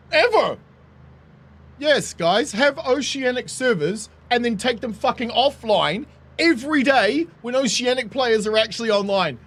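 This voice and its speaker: Lively, swearing New gamer. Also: mid-range voice. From New Zealand. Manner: swears freely, laughs often, chatty and joking. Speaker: game streamer. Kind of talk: casual gameplay commentary.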